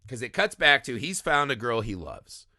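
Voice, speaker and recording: A man talks through a film on a podcast with a bright, ringing tone and a lively, swooping pitch. He laughs often and slips into quick voices to act out scenes. The sound is dry and close, with no room around it. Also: no room sound. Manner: animated, acts out movie lines in voices, laughs often. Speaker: podcast co-host. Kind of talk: casual film discussion.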